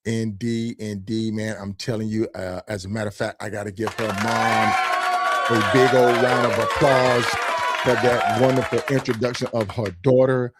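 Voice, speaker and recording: A man's voice: lowish voice, little pitch movement, moderate pace, hardly any pauses, over a noisy crowd, heavy background noise. A man hosting a podcast, talking in an upbeat, casual way and calling out viewers by name. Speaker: podcast host.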